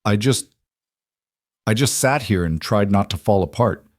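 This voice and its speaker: A man voicing an exhausted, grieving widowed cowboy father who speaks quietly and haltingly. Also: fairly low pitch, expressive, dry recording, clean studio sound. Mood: weary.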